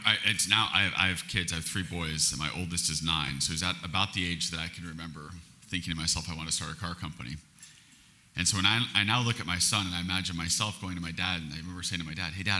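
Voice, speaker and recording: A man's voice: low-pitched, bright, forceful tone. A man in his forties, a company chief speaking as a guest, answering interview questions in an earnest, reflective way with frequent restarts. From Florida, US.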